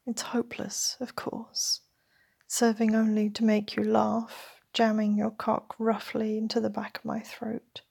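A woman reads a first-person story as a whispered role-play, her voice breathy and edged with gravel. She speaks slowly, in a fairly high and flat tone. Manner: slow, intimate first-person narration.

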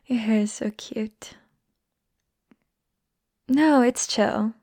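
Whispered role-play: a woman playing a teasing young friend, unhurried and a little gravelly. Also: a little high, dry recording, heavily acted. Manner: soft teasing whispers and giggles.

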